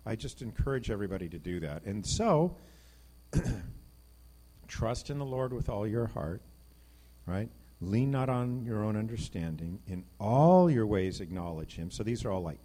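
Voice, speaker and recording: A middle-aged man giving an informal Bible teaching, reading passages and talking them through with lively emphasis. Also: on the low side. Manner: conversational, reads scripture aloud, animated emphasis. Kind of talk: informal sermon.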